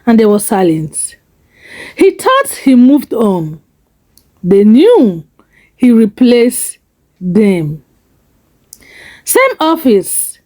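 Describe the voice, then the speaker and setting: A woman narrating a family drama in a solemn, drawn-out way with dramatic pauses. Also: on the high side, a little mellow. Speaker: storyteller.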